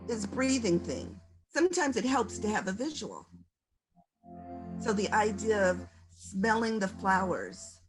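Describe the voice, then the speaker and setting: A woman presenting a virtual conference workshop on stress reduction, talking in a gentle, folksy, conversational way as she coaches breathing. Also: medium pitch, low-quality recording. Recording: music playing underneath.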